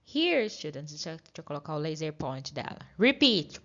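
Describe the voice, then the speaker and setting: A woman's voice: sits low, big pitch swings, a little fast, few pauses, fairly bright tone. A woman English teacher with a Brazilian Portuguese accent, leading students through repeat-after-me vocabulary drills. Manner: repeats words for students to echo. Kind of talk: classroom drill lesson. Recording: dull lo-fi recording.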